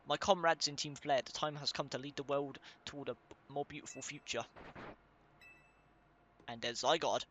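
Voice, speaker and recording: Bright-voiced young man reading game text. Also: fairly high pitch, normal speed, pauses often, a little hiss or hum. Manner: casual, swears, stumbles over names and words while reading. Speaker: let's play gamer. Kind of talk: casual gameplay commentary, reading game text aloud.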